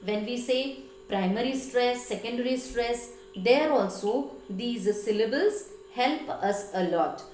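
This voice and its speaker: A woman with an Indian English accent teaches at a very slow, deliberate pace, spelling out words letter by letter. Her voice sits a little high and rings in an echoey room with faint music behind. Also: expressive, a little mellow. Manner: slow, careful, spelling out letters with frequent fillers. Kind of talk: classroom lesson explanation.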